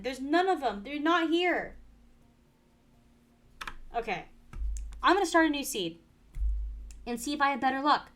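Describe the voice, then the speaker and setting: A woman streaming a game with casual commentary, excitable and swearing freely, swinging from quiet muttering to loud exasperated outbursts. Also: a little high, a little slow, long pauses.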